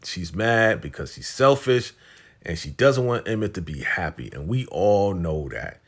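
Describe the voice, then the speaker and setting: A man talks through a TV episode in a loose, slangy recap. His voice sits very low. He paraphrases the characters' lines as he goes, like he is telling a friend what happened. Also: big pitch swings, unhurried. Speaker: TV recap host.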